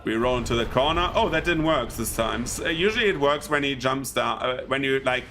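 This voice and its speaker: A young gaming streamer with a German accent chats about his gameplay in a medium-pitched, brisk voice. He rambles casually, laughs often, and breaks into excitable bursts. A faint hiss or hum sits under the recording.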